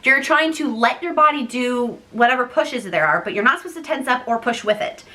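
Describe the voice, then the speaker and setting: A woman's voice: fairly high pitch, lively intonation, brisk, bright, forceful tone. A young woman vlogger casually telling a personal story to the camera, chatty and talking straight to her viewers. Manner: chatty, addresses viewers as "guys".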